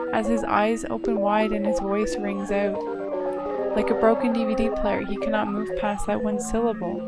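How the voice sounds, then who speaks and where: A woman's voice: mid-range voice, level tone, normal speed, over loud music. A woman game streamer reading a visual novel aloud on a live stream, narrating with short offhand asides.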